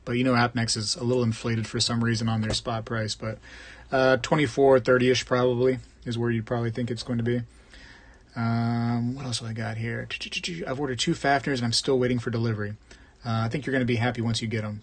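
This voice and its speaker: A man hosts a live stream in a loose, chatty way, reading out viewer comments and joking with them by name. His voice sits at an ordinary middle pitch. He rambles and drifts easily from one topic to the next. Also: fairly bright tone. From Florida. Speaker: host of a live coin collecting stream.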